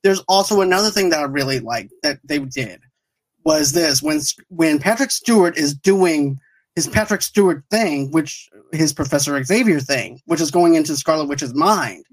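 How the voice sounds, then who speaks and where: A woman co-hosting a casual podcast, talking with excited fan enthusiasm. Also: low voice, normal speed, rough recording. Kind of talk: casual chat.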